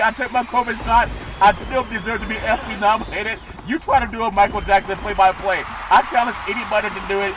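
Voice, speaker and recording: A man's voice: high-pitched, steady tone, quick pace, hardly any pauses, very noisy. A man hosting a solo sports podcast, rambling and jokey with sing-song asides.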